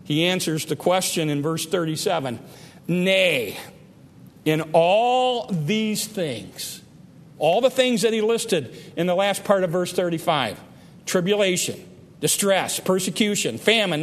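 A man preaching a sermon, emphatic, often repeating and restarting words, rising to loud peaks and dropping low. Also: expressive, unhurried, long reverb tail.

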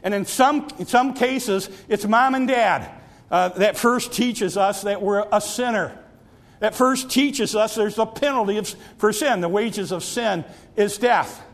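A man preaching a sermon, repeating and stretching key phrases, sometimes sinking to a hush and sometimes rising to a cry. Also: high-pitched. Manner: drawn-out emphatic phrases, dropping to near whispers; repeats phrases and stumbles on restarts.

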